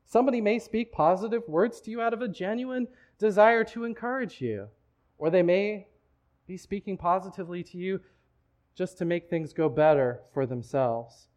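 A man's voice: sits high, expressive, moderate pace, a little mellow. A man preaching a sermon in a church, talking in a conversational way with frequent restarts. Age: adult, married. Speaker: pastor.

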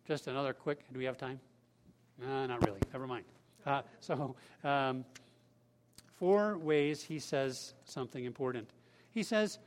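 A man's voice: mid-range voice, normal speed. A man preaching a sermon as pastor, conversational and emphatic, with casual asides. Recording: long hall reverb.

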